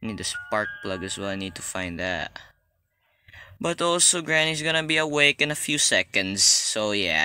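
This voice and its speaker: A young man narrating his gameplay in a very bright, crisp voice. His pitch swings widely as he jokes, apologizes and panics. Casual, excitable let's play commentary recorded at home. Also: dry recording. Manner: jokey, excitable, talks to the game character. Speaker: gaming YouTuber.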